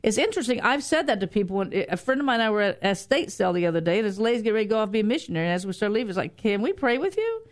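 Woman co-host, earnest and encouraging, mid-pitched voice. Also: very animated, very fast, few pauses. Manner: earnest, encouraging, repeats herself. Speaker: radio co-host. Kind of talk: christian radio talk.

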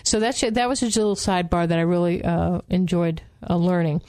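A woman co-hosting a casual Bible study discussion, talking in an animated way and acting out quotes. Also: brisk, clear, resonant tone. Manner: animated, acts out quotes with pitch jumps, laughs often.

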